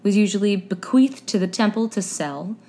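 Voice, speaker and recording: A woman's voice: mid-range voice, lively intonation, normal speed, mellow, a little hiss or hum. A young woman hosting a casual chat podcast, reading history notes aloud with wry asides and stumbling over unfamiliar names. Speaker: podcast host.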